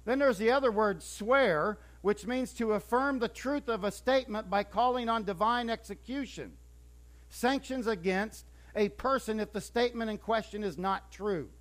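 Here a man preaches at normal speed, his voice sitting high. He tells the story conversationally and with energy, dramatizing scenes, though he stumbles and starts over now and then.

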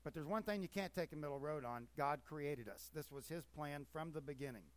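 A pastor preaching a sermon with emphatic force that rises and falls. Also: male voice, fairly high pitch, fairly quick.

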